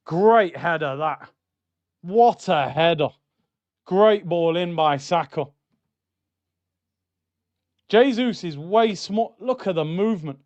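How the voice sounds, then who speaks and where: A high-pitched young man hosts a live football watchalong stream, shouting excitedly at goals before grumbling and reading out chat comments. The recording is dry and muffled.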